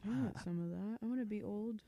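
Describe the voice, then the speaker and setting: A woman's voice: medium pitch, fast talker, creaky, mellow, no echo, studio quality. A young woman co-hosting a podcast in casual chat, giggly and teasing. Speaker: podcast co-host.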